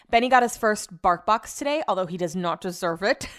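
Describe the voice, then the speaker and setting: A young woman talking in a loose, gossipy way, like she's catching up with friends. She swears casually and jumps from topic to topic. Her voice sits at an ordinary middle pitch. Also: lively intonation, moderate pace, a bit bright. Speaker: podcast host. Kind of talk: casual chat.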